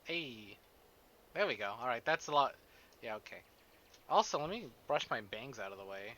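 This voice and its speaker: Bright, excitable young streamer guy. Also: medium pitch, normal speed. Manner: excitable, swears often, talks to chat. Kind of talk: casual live-stream chat and game reading.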